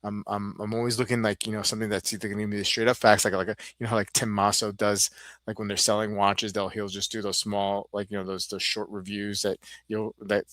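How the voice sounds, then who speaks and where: Brief: low-voiced Northeastern US man, rambling podcast host, dry close sound. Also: level tone, a bit bright, no echo. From Northeastern United States. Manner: rambling, halting, many restarts. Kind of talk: casual podcast chat, reading viewer comments.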